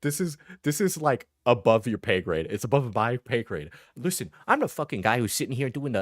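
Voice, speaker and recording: A man of middle pitch talks over clips on a live stream, swearing freely and scoffing at what he hears. The sound is close and dry, with no room around it. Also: very animated, normal speed, no room sound. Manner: profane, mocking, loud and laughing. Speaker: streamer reacting to videos. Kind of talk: casual live-stream commentary.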